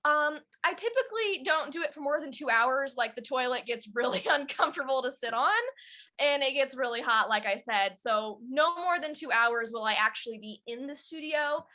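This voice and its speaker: A woman's voice: high voice, animated, normal speed, pushed and bright. A young woman audiobook narrator chatting casually in an interview, giggly and full of fillers.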